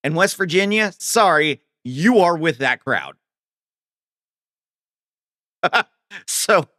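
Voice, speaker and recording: Male streamer from Ohio, casual rambling chat with viewers, dry close sound, very animated delivery. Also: on the high side, no echo. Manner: rambling, reads chat aloud and answers with quick laughs. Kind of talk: casual live-stream chat while coding.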